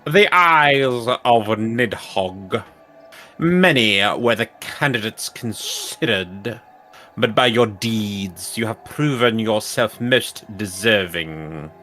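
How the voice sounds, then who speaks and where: A man voicing a grave, archaic-speaking male elder from a video game, reading slowly and ceremonially. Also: lowish voice, bright, forceful tone, pitched below the performer's own voice. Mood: solemn.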